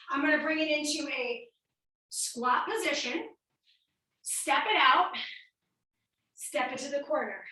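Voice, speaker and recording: A high, bright woman's voice coaching a workout class, counting down reps and cueing each move while she exercises along. She sounds a little out of breath, and the sound is very echoey and picked up from a distance across the room. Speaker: fitness instructor.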